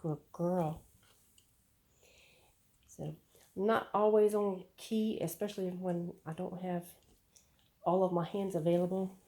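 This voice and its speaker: A middle-aged woman talks through a dog training session in a relaxed, chatty way. Her voice sits a bit low for a woman. She often repeats herself as she goes. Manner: chatty, repeats words, sharp commands to puppy. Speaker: dog breeder. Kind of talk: casual training demo.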